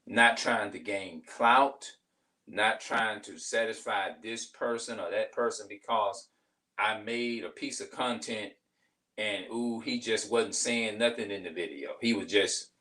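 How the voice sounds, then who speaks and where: A man's voice: fairly low pitch, a bit bright. Passionate man in his forties, distant mic. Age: 40s. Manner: passionate and emphatic, with frequent restarts. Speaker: vlogger. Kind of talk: casual monologue to camera.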